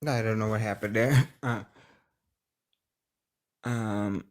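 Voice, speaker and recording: A young man, a student, chatting casually, halting and leaning on "like" as he searches for words. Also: fairly low pitch, fairly even intonation. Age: young adult. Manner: halting, fillers like "like", self-conscious laughs. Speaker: student guest. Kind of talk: casual chat.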